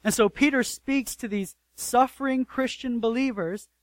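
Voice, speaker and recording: A man preaching a sermon in an earnest way, swelling loud and dropping soft, and asking his listeners direct rhetorical questions. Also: extremely high pitch, normal speed, dry recording, low-quality recording. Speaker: pastor.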